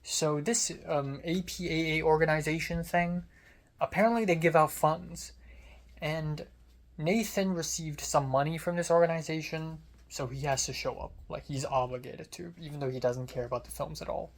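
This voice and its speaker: A young adult vlogger with an American accent and a medium-pitched voice rambles through a story. He sounds casual and sardonic, throwing in quick asides.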